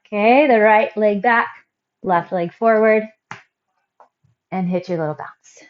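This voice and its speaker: A woman fitness instructor calmly cueing moves and counting reps through a workout class. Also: medium pitch, unhurried, narrow, tinny audio. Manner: calm, encouraging cues and counting reps.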